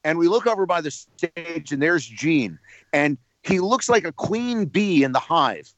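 A man from New Jersey, a radio personality calling in to tell a lively anecdote, repeating words as he builds up the story. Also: a little high, unhurried, no echo.

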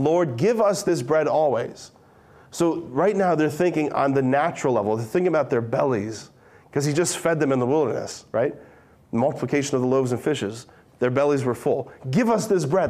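Preaching in a fairly high voice with a darkish tone, a man alternates between slow, dramatic scripture readings and relaxed tangents peppered with quick questions to the audience.

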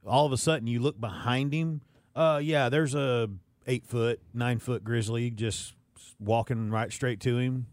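A man co-hosting a radio show in a studio, telling a story with animated energy. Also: medium pitch, measured pace, no room sound. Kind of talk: casual studio chat.

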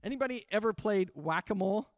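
A man's voice: sits high, animated, fast talker, no echo, clean studio sound. A man preaching a sermon, earnest and building fervor with repeated refrains. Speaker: pastor. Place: church livestream during pandemic.

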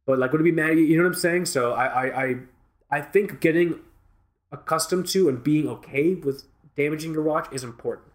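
A man's voice: on the high side, fairly quick. A man co-hosting a watch podcast in casual chat, rambling and joking with lots of fillers and restarts. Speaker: podcast co-host.

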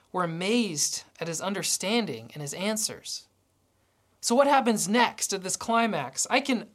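A woman preaching a sermon, telling a story and acting out its dialogue. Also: mid-range voice.

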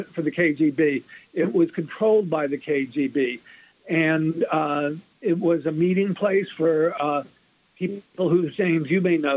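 Fast-talking male author, muffled radio. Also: on the high side. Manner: fast, restarts a lot, emphatic. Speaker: author and guest. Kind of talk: radio interview.

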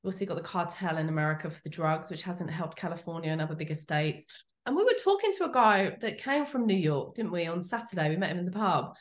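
A woman's voice: fairly low pitch, expressive, fast talker, echoey room. A woman co-hosting a casual podcast chat, telling stories in a rambling, chatty way. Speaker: podcast co-host.

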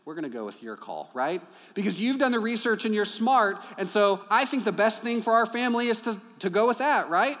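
High-voiced male pastor in a reverberant hall. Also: brisk, hardly any pauses. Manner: animated storytelling, acting out dialogue in hushed low voices. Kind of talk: sermon. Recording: long reverb from a large hall.

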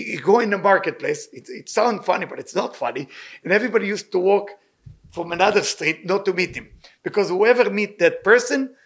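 A man giving an informal Torah lesson, earnest and animated, in broken English. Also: high voice. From Libyan Sephardic family. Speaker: rabbi teaching weekly Torah portion.

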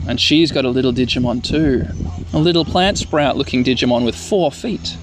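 A man's voice: medium pitch, normal speed, background noise. A man hosting a casual bedtime podcast, playfully recapping a cartoon and acting out bits of the characters' lines. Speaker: podcast host.

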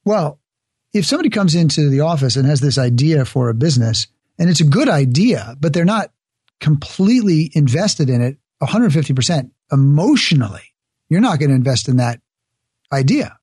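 A man being interviewed, talking earnestly and building each point with an example. His voice sits fairly high for a man. The sound is dry and close, with no room echo. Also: sing-song, normal speed, a little mellow, breathy edge. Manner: earnest, explains ideas through examples. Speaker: guest author and speaker. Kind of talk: conversational interview.

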